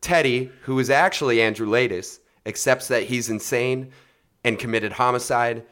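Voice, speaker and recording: A man's voice: mid-range voice, normal speed, fairly bright tone. Male podcast host, mid-range voice, casual, recaps movies with jokes. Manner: summarizes plots with jokey asides and laughs.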